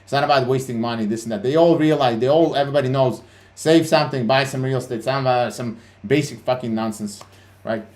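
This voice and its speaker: A man's voice: mid-range voice, fairly quick, hardly any pauses, darkish tone. Blunt, profane man hosting a livestream. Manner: blunt, profane, many fillers and restarts. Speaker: CEO and livestream host. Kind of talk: casual livestream talk.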